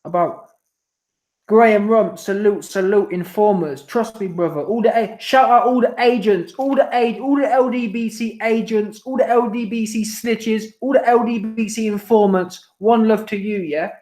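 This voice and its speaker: Sitting high with a steady, darkish tone, this host's voice moves at a moderate pace with few pauses. He runs a boxing commentary live stream, casually reading viewer messages in slangy, repetitive banter. Roomy echo colors the recording.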